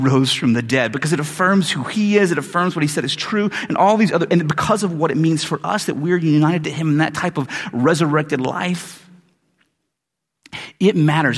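A man preaching a sermon as pastor, in an animated, conversational way full of asides. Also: a little high, husky. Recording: long reverb of a large hall.

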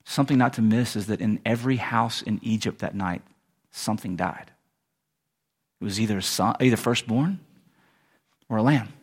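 A man preaching a sermon in a conversational way, correcting himself mid-sentence and rising into animated asides. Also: lowish voice, moderate pace, pauses often, breathy edge. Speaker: pastor.

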